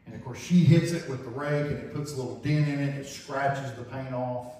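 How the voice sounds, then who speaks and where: A man's voice: mid-range voice, fairly quick, mellow. A man preaching a sermon, telling an illustration story in an earnest, vivid way and often repeating phrases. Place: church sanctuary. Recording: very echoey hall, mic far off.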